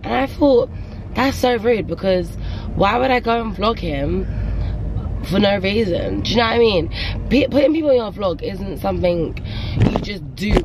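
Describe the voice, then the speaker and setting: A woman's voice: lowish voice, background noise. A young woman chatting casually in a vlog, rambling and asking "do you know what I mean". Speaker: vlogger. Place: out and about, car, gym, home.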